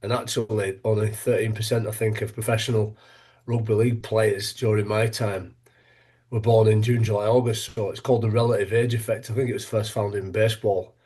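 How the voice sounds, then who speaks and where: A man, a former rugby league player, talks as a guest in a relaxed, thoughtful way. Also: lowish voice, brisk, husky. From Yorkshire, England. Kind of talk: casual interview chat.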